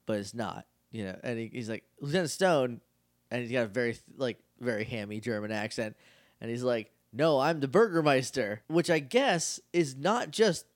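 A man's voice: medium pitch, no echo, studio quality. A man co-hosting a podcast, recapping a show in casual chat, laughing often and acting out the scenes. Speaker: podcast co-host.

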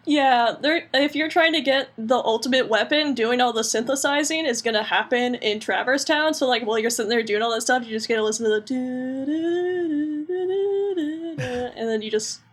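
Young woman cohost, laughs a lot, chatty, kinda high voice. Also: brisk, hardly any pauses. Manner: chatty, laughing, recaps with silly character voices. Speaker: podcast co-host. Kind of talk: casual chat.

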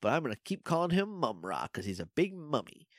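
A man's voice: fairly high pitch, sing-song, fairly quick, no echo, studio quality. A young man co-hosting a casual podcast, rambling and self-deprecating, laughing often. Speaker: podcast co-host.

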